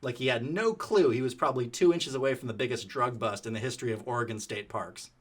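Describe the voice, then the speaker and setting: A man narrating a story in a casual, animated, profane conversational way. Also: mid-range voice, fast talker.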